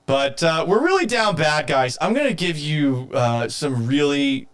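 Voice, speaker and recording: A man's voice: on the high side, animated, unhurried, clear, resonant tone. A man hosting a live sports talk stream, talking casually and reading out viewer comments, exasperated and swearing, and mocking himself. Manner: reads viewer comments aloud.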